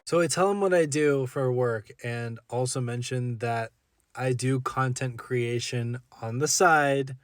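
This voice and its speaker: Casting: young male creator, unhurried, self-mocking storyteller, close dry mic. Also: mid-range voice, dry recording. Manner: animated, self-mocking retelling. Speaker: content creator. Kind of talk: storytelling to camera.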